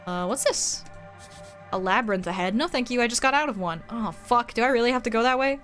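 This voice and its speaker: A woman's voice: a little high, expressive, fairly quick, a bit bright, faint music behind. A woman streaming a video game, chatting playfully and swearing casually as she plays. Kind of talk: casual let's-play commentary.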